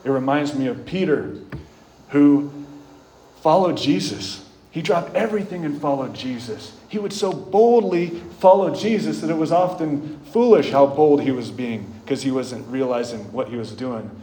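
A man preaching a sermon, retelling scripture stories in an earnest way, rising loud and bold, then dropping soft and slow. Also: mid-range voice, animated, slight background noise. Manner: earnest storytelling, swings between loud bold stretches and soft slow ones. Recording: echoey room with faint ambience.

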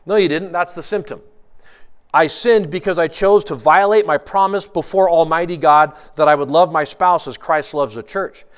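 A man preaching a sermon, earnest and emphatic, asking rhetorical questions and moving between quick bursts and slow, stressed phrases. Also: on the high side, smooth. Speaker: pastor.

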